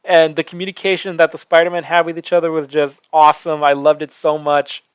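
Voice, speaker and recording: A man giving an enthusiastic spoken movie review, talking fast and breathless with excitement into a close microphone. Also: a little high, clean tone, dry recording, low-quality recording. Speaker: film reviewer.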